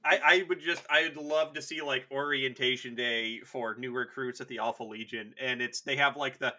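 A man co-hosting a podcast in casual chat, animated and profane, slipping into joke voices. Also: mid-range voice, moderate pace. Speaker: podcast co-host.

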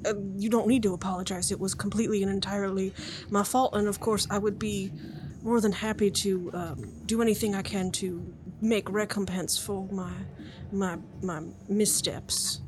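A woman voicing a shy, flustered man who stammers and apologizes softly in a tabletop game. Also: medium pitch, fairly even intonation, normal speed, noisy background, close to an everyday voice. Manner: stammering, apologetic, soft-spoken.

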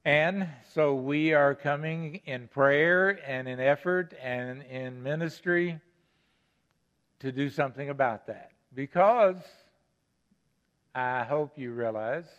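A man's voice: fairly high pitch, takes it slowly, a bit bright. An older man preaching a sermon as pastor, earnest, stressing key words and repeating phrases for emphasis. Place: church sanctuary. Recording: long church reverb, dull lo-fi sound.

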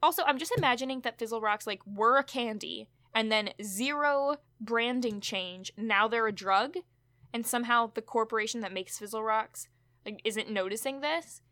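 A woman's voice: on the high side, normal speed, sharp tone, no echo, clean studio sound. A woman co-hosting a podcast, recapping a TV episode in casual chat with chatty asides and fillers. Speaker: podcast co-host.

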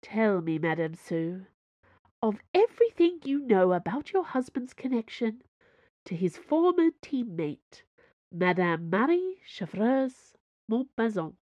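A woman's voice: mid-range voice, sing-song, takes it slowly, darkish tone, no room sound, lo-fi sound. A woman doing a poised, scheming cardinal. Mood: probing.

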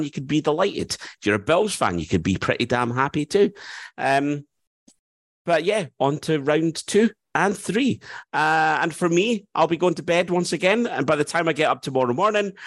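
A man with a Scottish accent hosting a casual sports podcast, wrapping up with relaxed chat. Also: fairly high pitch, no room sound. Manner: relaxed, wraps up the show. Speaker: podcast host.

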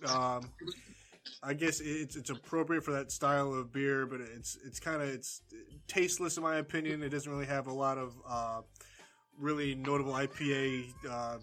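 A man's voice: medium pitch, steady tone, normal speed, pushed and bright. A man co-hosting a podcast, rambling through beer reviews with lots of fillers and laughs. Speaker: podcast co-host. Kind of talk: casual chat.

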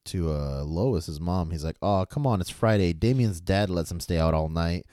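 Very deep-voiced man in easygoing chat. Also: mellow, no room sound, clean studio sound. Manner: easygoing, halting with many fillers. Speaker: podcast co-host. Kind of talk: casual chat about comics and movies.

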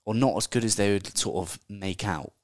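A man's voice: fairly low pitch, moderate pace, a little mellow, dry recording, clean studio sound. A man hosting a casual solo podcast, talking in a chatty, candid way and swearing offhandedly. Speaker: podcast host.

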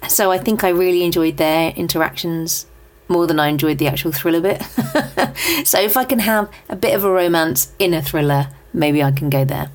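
Chatty woman hosting a podcast. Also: deep voice. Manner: chatty, with many ums and restarts. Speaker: podcast host. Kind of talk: casual book recommendations.

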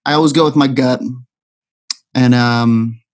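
A man playing a comedic tabletop game, answering in character with hesitant fillers and deadpan lines. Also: mid-range voice, unhurried. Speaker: player. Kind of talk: improvised role-play.

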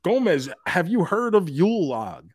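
A man co-hosting a casual pop culture podcast, animated and joking, with casual swearing. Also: high-pitched, unhurried, husky, no room sound, clean studio sound. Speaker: podcast co-host.

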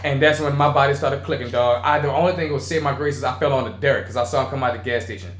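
A young man telling a story on a casual podcast, with animated swings between hushed and loud retellings. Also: medium pitch, very fast, reverberant. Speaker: podcast co-host.

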